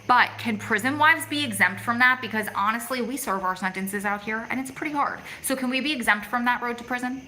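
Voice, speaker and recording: A middle-aged woman hosts a casual livestream on her phone outdoors in the city at evening, chatting and reading viewers' comments aloud as she answers them. Her voice is on the high side, brisk and sharp, with few pauses. The recording is low quality with slight background noise.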